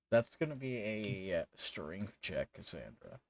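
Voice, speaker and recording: A man's voice: sits low, big pitch swings, a little slow, gravelly, rough recording. A man running a tabletop game as game master, narrating casually, laughing and swearing.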